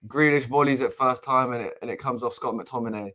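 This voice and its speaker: A young man giving casual live match commentary as a fan co-host, excitable and exasperated, with frequent restarts. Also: mid-range voice, brisk. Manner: excitable and exasperated, swears, repeats and restarts phrases.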